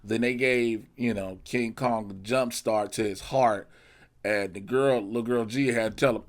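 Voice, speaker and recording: A man giving a casual movie review in animated, profane, slangy talk. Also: lowish voice, normal speed.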